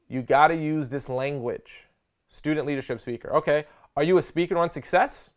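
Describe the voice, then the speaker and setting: Brisk and fairly high-pitched, a male speaker coach delivers a lively, slang-filled live seminar on public speaking, often pausing to check in with listeners.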